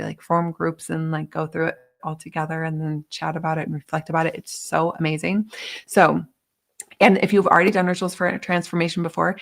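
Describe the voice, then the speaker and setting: A woman's voice: on the low side, creaky. A woman hosting a live online session, chatting casually in a gushing way with lots of filler words. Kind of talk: casual live-stream chat.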